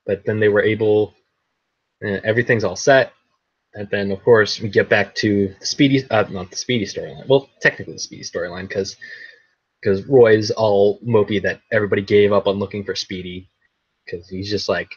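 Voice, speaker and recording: A man's voice: on the low side, normal speed, slightly rough, dry recording, muffled recording. A young man hosting a podcast, recapping an episode in a rambling casual chat, often laughing and repeating words.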